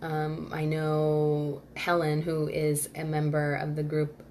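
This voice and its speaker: A woman with a low voice, hosting a live online workshop. She talks in a loose, rambling way, full of fillers and restarts. She stops now and then to answer viewers by name. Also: monotone, slow pace, a little mellow, a little hiss or hum. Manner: chatty, reads viewer comments aloud and answers them. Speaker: Ayurveda workshop host. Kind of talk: live-streamed workshop talk.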